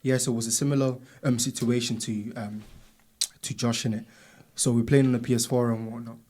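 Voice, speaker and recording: A man telling an animated story on a casual podcast, acting out the people in it and laughing often. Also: medium pitch, a little fast. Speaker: podcast co-host.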